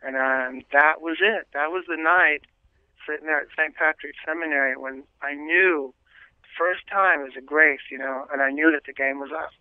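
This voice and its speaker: A man, a priest, earnestly telling his life story as an interview guest, pausing often with fillers and restarts. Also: a little high, steady tone, no room sound. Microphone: telephone. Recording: tinny dry phone line.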